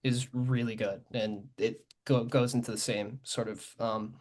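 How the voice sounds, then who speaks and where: A man's voice: medium pitch, fairly even intonation, a little slow, darkish tone. A young man co-hosting a podcast, chatting loosely about films, rambling with many fillers and self-corrections. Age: young adult. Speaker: podcast co-host. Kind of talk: casual film chat.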